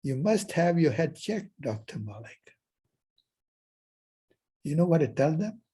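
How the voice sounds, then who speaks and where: A man's voice: on the high side, sing-song, measured pace, dark tone, breathy edge. A man giving a university lecture as professor, telling stories and acting out the dialogue. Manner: storytelling, acts out dialogues. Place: lecture hall.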